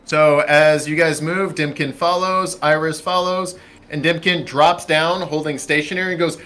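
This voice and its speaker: Male game master, slightly high voice, loose rambling narration, faint music behind. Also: steady tone, normal speed, sharp tone. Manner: loose, filler-heavy narration. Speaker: dungeon master.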